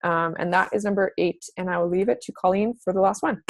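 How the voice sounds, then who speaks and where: A woman's voice: mid-range voice, fast, slight background noise. A woman fitness coach talking to her team on a video call, casual and gushing, full of "like". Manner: casual and gushing, says "like" often.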